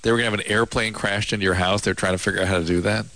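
A middle-aged man co-hosting a radio show as the doctor, calm and explanatory, laughing easily. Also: on the low side, rapid-fire. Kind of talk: casual late-night radio banter.

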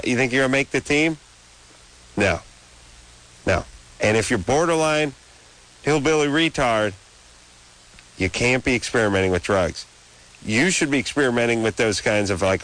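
A man's voice: mid-range voice, expressive, moderate pace, pauses often, a bit bright, poor audio. A man in his thirties hosting a late-night radio call-in show, ranting in long, opinionated riffs. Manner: rambling, opinionated rants. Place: radio studio. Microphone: studio microphone.

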